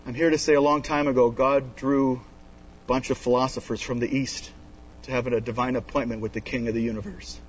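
A man preaching a sermon as a pastor, emphatic, swinging from loud high pleas to low hushed asides. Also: level tone, fairly quick, distant mic, slight background noise, low-quality recording. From Canada.

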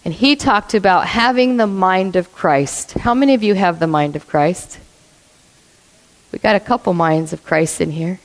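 A woman's voice: fairly low pitch, moderate pace, rough recording. A woman preaching a sermon to a congregation. She asks the listeners questions, laughs often and acts out the voices in her stories. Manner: acts out quoted voices in a storytelling way.

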